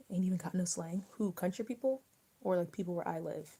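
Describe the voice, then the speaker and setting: A young woman from Maryland hosting a live stream, chatting casually and answering viewer comments out loud while she eats. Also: on the low side, fast talker, a little hiss or hum. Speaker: livestream host.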